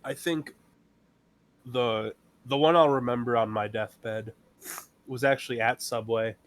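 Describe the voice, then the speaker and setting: Male podcast co-host, mid-pitched, casual storyteller who plays out customer exchanges. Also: fairly even intonation, measured pace, no echo. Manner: storytelling, acting out customers and himself. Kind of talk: casual chat.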